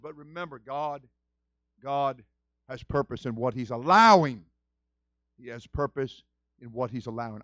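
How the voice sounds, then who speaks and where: A man, a senior pastor, giving a conversational sermon and telling stories with lively asides. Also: on the high side, dry recording, highs cut off. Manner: animated storytelling, acts out quoted voices.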